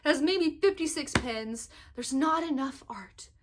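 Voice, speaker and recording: A young woman rambling excitedly in a casual book review vlog, recorded on her phone. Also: high-pitched, background noise. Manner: excitable, gushing, talks in quick bursts with restarts. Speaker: book vlogger. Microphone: phone microphone.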